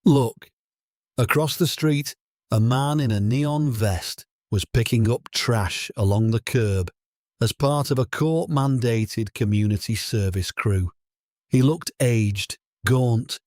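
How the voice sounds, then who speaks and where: Male narrator for a dramatic story: unhurried, mellow, steady and solemn. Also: mid-range voice, dry recording, studio quality.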